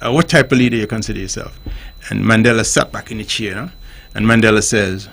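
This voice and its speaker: A man talks on call-in radio. His voice is gravelly and a bit husky. He makes his points like a teacher and keeps asking whether the listener follows. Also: lowish voice, fast, a bit bright.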